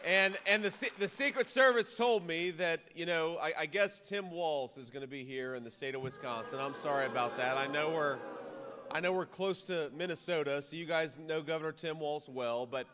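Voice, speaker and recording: A man giving a campaign rally speech into a podium microphone, talking conversationally with restarts and repeated words and rising to loud punchy lines. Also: on the high side, moderate pace, a crowd in the background. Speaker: political candidate addressing a rally. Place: large reverberant rally venue. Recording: long reverb of a rally hall, faint ambient noise.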